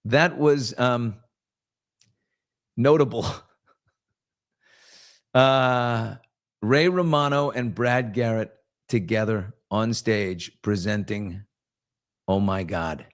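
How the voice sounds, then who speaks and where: A man's voice: fairly low pitch, drawn-out words, pauses often. A man hosting a casual morning chat show, gossiping about celebrities in a chatty, loose way. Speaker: host.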